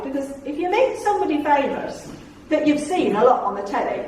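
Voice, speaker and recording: With a high voice that swings widely in pitch, a middle-aged after-dinner speaker tells humorous stories to a club crowd at a normal speed, voicing each character's lines in a chatty way. She's in a function room, far from the mic in a very echoey space, with a little hiss or hum.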